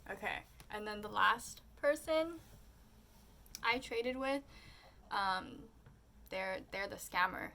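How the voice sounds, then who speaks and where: Chatting through a story with "like" in nearly every line, a young female vlogger acts out her own quoted comments with high-pitched squeals, all in a sharp tone.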